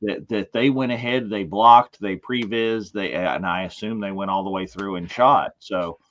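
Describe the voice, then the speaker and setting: A man co-hosting a casual online panel discussion, talking in an animated, rambling way with frequent restarts. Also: fairly low pitch, normal speed, muffled recording. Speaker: podcast co-host.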